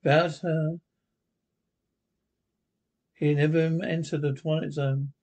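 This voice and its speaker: Solemn narrator, husky and gravelly, radio drama reading. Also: male voice, on the high side, level tone, takes it slowly, long pauses, darkish tone. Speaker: script reader.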